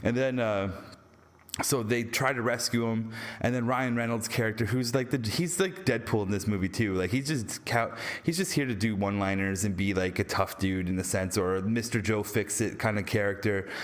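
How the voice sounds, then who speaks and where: Young canadian man, casual movie review, rambling, excitable, swears and laughs a lot, lowish voice. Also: normal speed.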